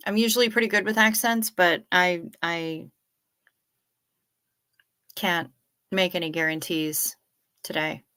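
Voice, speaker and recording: A woman's voice: lowish voice, fairly even intonation, unhurried, pauses often, pushed and bright, clear, resonant tone. A woman in young adulthood hosting a casual late-night livestream, chatting, reading out viewer comments and swearing freely. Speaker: livestream host.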